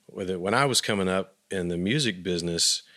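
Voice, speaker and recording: A man from West Texas with a very low voice talks as an interview guest. He drifts through his memories in a meandering, reflective way. The sound is dry and close, with no room around him. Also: a little fast, pushed and bright, no echo. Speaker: musician guest. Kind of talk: casual interview chat.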